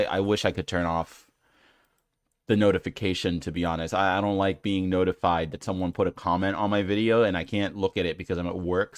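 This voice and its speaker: A man with a low voice rants casually on his own channel. He stumbles over fillers and restarts and sounds exasperated and incredulous. The recording is dry and close. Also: no room sound. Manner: rambling with many fillers and restarts. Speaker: channel host. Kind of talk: casual rant reacting to comments.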